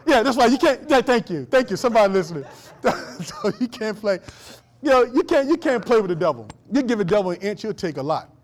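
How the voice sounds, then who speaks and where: High-voiced preaching man. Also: very animated, fast talker. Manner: folksy, laughing asides, call-and-response questions. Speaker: pastor. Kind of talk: sermon.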